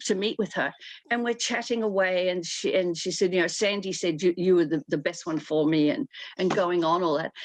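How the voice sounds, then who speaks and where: A woman's voice: mid-range voice, no echo. An older woman, a costume designer, telling anecdotes as a guest in a casual interview over a video call, chatty with many restarts.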